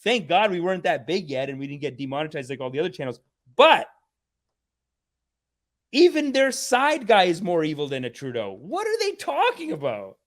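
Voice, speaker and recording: Lively high-voiced comedian ranting. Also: male voice, normal speed, pauses often. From Canada. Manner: animated, profane, laughing rant. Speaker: comedian host. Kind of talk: livestream reaction commentary.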